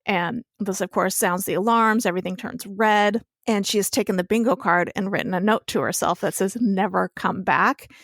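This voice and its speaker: A young woman talks through a TV episode scene by scene, chatty and loose, swearing freely. Her pitch sits in the middle. The sound is close and dry, with no room around it. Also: steady tone, fairly quick, few pauses, no echo. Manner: chatty storytelling with casual swearing. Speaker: podcast co-host. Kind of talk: casual TV recap chat.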